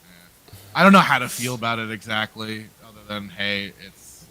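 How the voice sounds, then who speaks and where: Animated man hedging his opinions. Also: lowish voice, normal speed, rough recording. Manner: hesitant, hedging. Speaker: podcast co-host. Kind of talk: casual chat.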